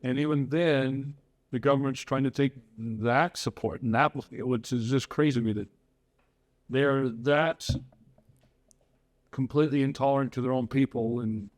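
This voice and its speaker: A man hosts a podcast, his medium-pitched voice steady in tone and a little slow. He discusses politics casually yet earnestly, with strong opinions, and switches to Spanish for interviews.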